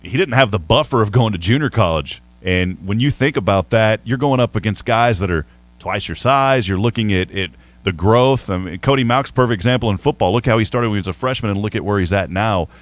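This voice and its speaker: A man's voice: fairly low pitch, a little fast, no room sound. A man with a Southern accent, hosting a sports radio show in a chatty, rambling way with playful ribbing. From Texas. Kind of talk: casual sports talk.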